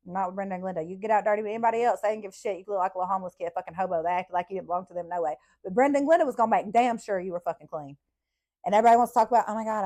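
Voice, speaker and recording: A woman, a podcast host telling childhood stories in a blunt, profane, animated way. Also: medium pitch. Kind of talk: casual storytelling.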